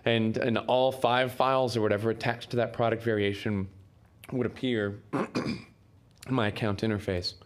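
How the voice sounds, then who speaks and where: A man's voice: on the low side, fairly even intonation, moderate pace. A man giving a technical conference talk in a casual way, with many fillers and restarts. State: coughing, throat irritation. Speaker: conference speaker. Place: conference room.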